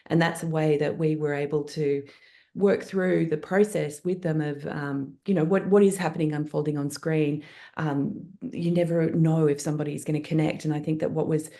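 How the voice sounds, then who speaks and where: A woman's voice: low-pitched, fairly even intonation, moderate pace, mellow. A woman producer from Australia, answering interview questions thoughtfully with many fillers and restarts. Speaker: guest producer. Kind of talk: panel interview.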